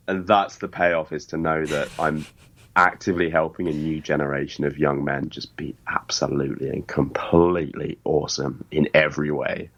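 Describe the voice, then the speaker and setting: Deep-voiced British man, emphatic coach. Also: fairly even intonation, moderate pace, fairly bright tone, highs cut off. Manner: emphatic, motivational, earnest. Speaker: podcast host and life coach guest. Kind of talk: interview conversation.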